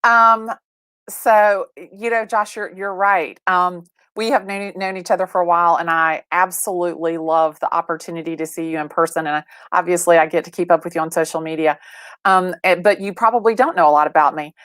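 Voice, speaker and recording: A woman's voice: lowish voice, a little fast, dry recording. Bubbly woman telling stories. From Atlanta, Georgia. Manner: bubbly, animated storyteller acting out dialogue. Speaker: real estate agent, guest. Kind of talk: casual storytelling interview. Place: video call from her home or office.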